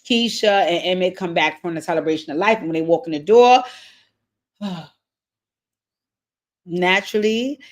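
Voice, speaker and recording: Blunt, chatty woman recapping a show. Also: lowish voice. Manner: animated, blunt, profane commentary; chatty, talks straight to viewers. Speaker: TV recap host. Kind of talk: casual episode recap.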